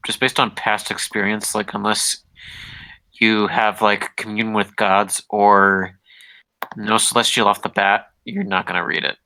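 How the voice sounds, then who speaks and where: Low halting man playing a tabletop game. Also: flat delivery, sharp tone, poor audio. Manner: halting, restarts often. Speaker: player. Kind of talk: tabletop role-play chat.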